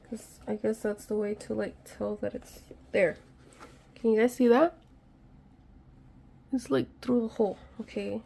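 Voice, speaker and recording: Working on a home craft repair, this woman talks to her audience in a chatty, slightly nervous way, poking fun at how she does things. She speaks at a measured pace in a warm, gravelly mid-range voice with fairly even intonation and frequent pauses.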